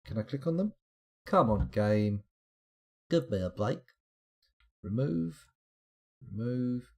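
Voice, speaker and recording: A man's voice: fairly low pitch, very animated, measured pace, a little mellow. A man streaming a game live, thinking aloud in a chatty, self-mocking way. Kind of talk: live gameplay commentary.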